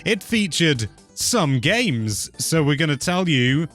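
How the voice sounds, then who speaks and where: A man's voice: on the high side, takes it slowly, faint music behind. A man hosting a casual, jokey chat about games. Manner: chatty, jokey, lively intonation. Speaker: host.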